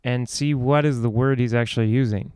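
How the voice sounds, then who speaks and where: A man's voice: medium pitch, steady tone, brisk, darkish tone, clear, resonant tone, no echo, studio quality. A man hosting a casual video chat about singing, rambling and restarting his thoughts. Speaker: host.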